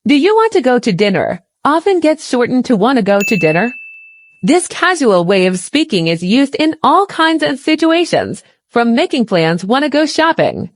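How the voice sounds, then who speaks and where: A woman narrating a scripted English lesson in a clear, explanatory way, acting out example phrases. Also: high voice, no room sound, clean studio sound. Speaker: English teacher.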